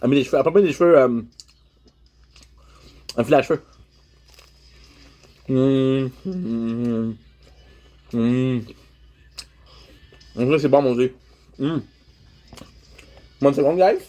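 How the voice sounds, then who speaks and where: A man's voice: medium pitch, a little slow, pauses often, dark tone. A young man with a Québécois accent, chatting casually on a livestream while eating, switching between French and English and greeting viewers.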